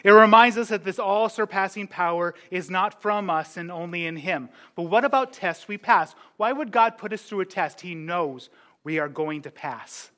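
A man's voice: sits high, moderate pace, pushed and bright. A young man preaching a sermon in an earnest, conversational way, often restarting his sentences. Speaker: pastor.

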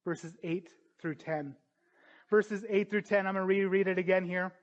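A man preaching a sermon as a pastor, earnest and emphatic, slowing down on key phrases. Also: high voice, fairly even intonation. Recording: dull lo-fi sound.

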